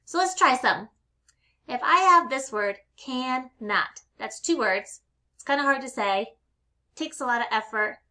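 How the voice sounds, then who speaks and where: Upbeat woman teacher for small kids, bright and a bit high, playful delivery. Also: lively intonation, a little slow. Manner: upbeat, playful, exaggerated sounding-out of words. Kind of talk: recorded lesson for young children.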